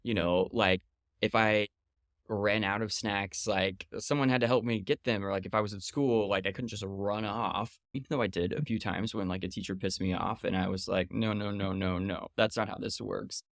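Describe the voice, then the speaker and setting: A man's voice: lowish voice, fairly even intonation, moderate pace, a bit bright, no echo, clean studio sound. A man in his thirties, a podcast guest talking casually and chattily, full of fillers and quoted retorts. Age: 30s.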